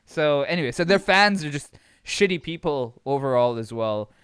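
A young man from Abu Dhabi tells a lively, expletive-laden story in casual podcast chat. His voice is smooth and resonant, and his pitch leaps up when he gets carried away. The recording is dry and close. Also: normal speed, no echo. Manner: animated, swearing, laughs while telling stories.

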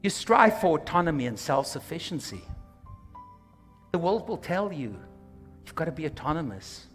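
Over soft background music, a pastor with a slightly high voice delivers a sermon at a moderate pace. He stays animated, calling for amens, exhorting the church, and shifting into quoted voices.

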